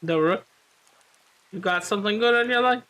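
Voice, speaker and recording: A man streaming a game, chatting casually and teasing his friend with quick banter. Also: high voice, sharp tone, rough recording. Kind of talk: casual gaming chat.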